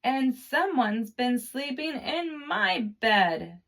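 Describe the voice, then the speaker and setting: A woman's voice: high voice, big pitch swings, slow pace, fairly bright tone, pitched above the performer's own voice, heavily acted. A woman voicing a grown female Mama Bear in a storybook tale, with a medium-sized, raised voice. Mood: indignant.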